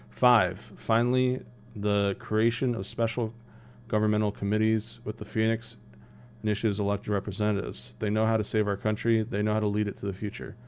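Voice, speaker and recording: A man's voice: fairly low pitch, a little mellow, a little hiss or hum, close to an everyday voice. A man reading a solemn leader's speech. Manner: solemn, declamatory. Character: grand male political leader giving a speech.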